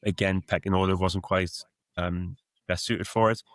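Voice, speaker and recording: Man, softened Geordie accent, thirties, low voice, dry close sound, rambling and reflective. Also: fairly even intonation, moderate pace, no echo. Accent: Geordie, softened by years in the US. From Newcastle, England. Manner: reflective, rambling with many fillers. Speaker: guest, football coach. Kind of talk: casual podcast interview.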